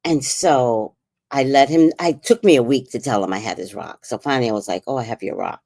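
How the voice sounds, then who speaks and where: A middle-aged woman hosting a podcast casually tells a personal story in a very deep voice, speaking a little fast in a dry, clean studio recording. She's animated and laughs, quoting others in put-on voices.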